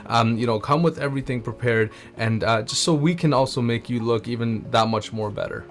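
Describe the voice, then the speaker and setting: A man who is a wedding photographer, talking as an interview guest in an agreeable, relaxed way with fillers. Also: medium pitch, brisk, faint music behind. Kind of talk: casual interview chat.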